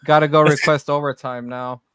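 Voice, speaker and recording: Male amateur play-by-play streamer, smooth clear voice in a dry room, excitable and jokey. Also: a little high, brisk, no echo. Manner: excitable, jokey, swears, shouts on big plays. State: out of breath. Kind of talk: live amateur play-by-play commentary.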